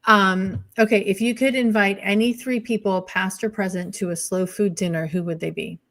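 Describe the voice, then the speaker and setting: A woman's voice: mid-range voice, steady tone. Upbeat woman podcast host. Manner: upbeat, quick affirmations. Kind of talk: casual interview chat.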